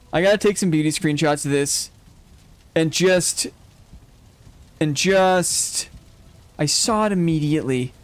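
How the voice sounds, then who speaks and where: A man streaming a game live, commenting casually and getting excited and gushing as he explores. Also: a little high, dry recording. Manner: excitable, gushing, laughs often.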